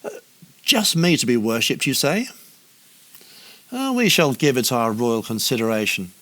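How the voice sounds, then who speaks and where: A man's voice: medium pitch, animated, measured pace, a bit bright. A man voicing a bad-tempered, all-powerful king who talks in curt, impatient bursts. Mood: pompous.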